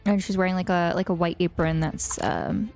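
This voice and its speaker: A woman's voice: fairly low pitch, steady tone, normal speed, a little mellow, soft background music. A woman narrating as game master, casually describing a scene with many fillers.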